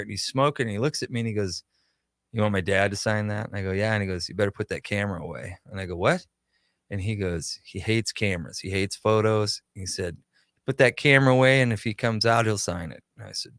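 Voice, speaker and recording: A man's voice: on the low side, no echo, studio quality. Storytelling man on talk radio. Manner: animated anecdote teller, acts out quotes. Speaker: guest, pop culture shop owner. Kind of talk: casual radio conversation, storytelling.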